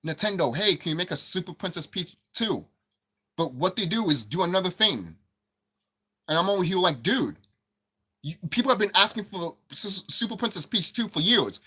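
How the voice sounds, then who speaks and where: Forceful, bright and a little rough, a high-pitched male voice tears into video game prices. The gaming commentator's rant is angry and full of swearing, growing more intense as he repeats himself.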